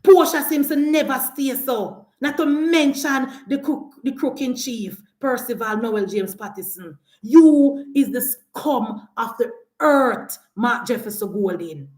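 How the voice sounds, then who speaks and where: A woman's voice: on the high side, unhurried, few pauses, a little mellow, echoey room. A woman with a Jamaican accent delivering an impassioned political rant as a commentator, scolding and emphatic, hammering the same attacks again and again.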